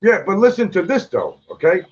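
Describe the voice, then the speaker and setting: A man with a high voice tells blunt, profane stories in a casual chat. The recording sounds dull and lo-fi, as if the top end was cut off. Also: huge pitch swings, brisk, a little hiss or hum. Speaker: guest, clothing designer.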